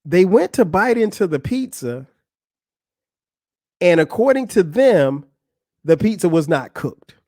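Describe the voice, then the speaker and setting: A little slow and given to long pauses, a high-voiced man hosts a podcast, delivering a humorous storytelling monologue with casual profanity. He voices other people's lines with animation. Clean studio sound, without room sound.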